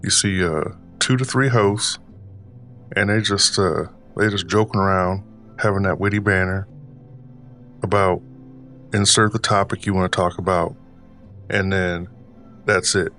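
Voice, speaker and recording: A man with a very low, deep voice, deliberately putting on an old-timer's Southern drawl as he hosts his podcast. He rambles unhurriedly through a casual story, full of fillers and restarts. Faint music plays softly underneath. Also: steady tone. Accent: put-on Southern US drawl. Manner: deliberately puts on an older man's voice. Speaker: podcast host.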